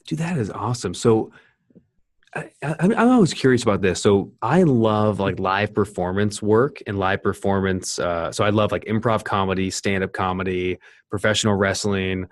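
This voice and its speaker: A man in his thirties with a low voice, hosting a podcast interview in a chatty, enthusiastic way. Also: normal speed, no echo. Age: 30s. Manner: enthusiastic, rambling, many restarts. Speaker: podcast host. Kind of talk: casual interview chat.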